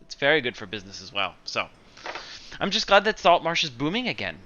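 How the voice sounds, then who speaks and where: A man runs a tabletop game as game master, rambling and playful with a bright voice. The stream audio is dull and lo-fi, with faint background noise. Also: mid-range voice, sing-song, a little fast.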